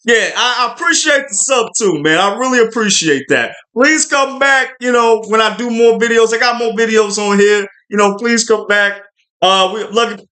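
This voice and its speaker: A man's voice: high voice, moderate pace, sharp tone. A man hosting a podcast livestream, reviewing a show in a chatty, rambling way with lots of fillers. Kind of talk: casual spoiler review livestream.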